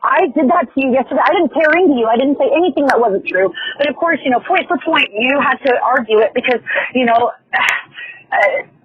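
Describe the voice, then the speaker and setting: A woman arguing defensively on a phone call, halting and repeating herself. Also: high-pitched, animated, a little hiss or hum. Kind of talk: heated phone argument. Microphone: phone line. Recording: tinny phone line.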